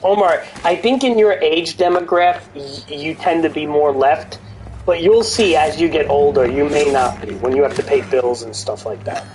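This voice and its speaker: A man's voice: a little high, moderate pace. An older man streaming a game, chatting casually in a blunt, profane, rambling way. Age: older adult. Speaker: gaming streamer. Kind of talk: casual chat over gameplay.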